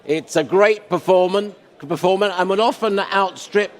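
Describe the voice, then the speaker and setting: A man presenting cars at an auction, describing each lot in a relaxed, chatty way and joking with the auctioneer. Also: sits high, normal speed. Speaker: car specialist presenting lots. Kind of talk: live auction lot commentary. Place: large exhibition hall auction room. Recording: long hall reverb.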